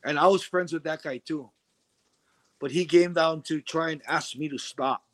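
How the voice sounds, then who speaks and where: A middle-aged man telling a story in a casual interview, animated and acting out the voices of the people he quotes. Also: on the high side, normal speed. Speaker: interview guest.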